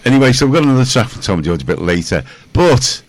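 A man's voice: fairly low pitch, sing-song, racing. A man hosting a local radio show, chatting casually in a rambling, jokey way. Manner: rambling, jokey, self-mocking. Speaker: radio host.

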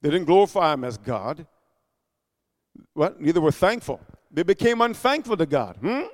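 A man preaching a sermon, animated, with constant call-and-response amens and hallelujahs. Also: a little high, normal speed. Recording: echoey hall.

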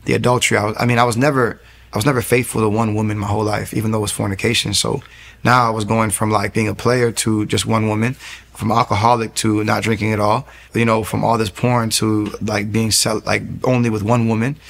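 A young man with a low, gravelly voice recounts his testimony in a relaxed, earnest interview. He tells it as a story and slips into the voices of the people in it. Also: brisk. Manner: earnest, storytelling, acts out quoted dialogue. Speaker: interview guest.

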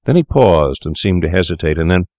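Deep-voiced man narrating a tale. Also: lively intonation, fairly quick, darkish tone, no room sound, studio quality. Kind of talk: scripted narration.

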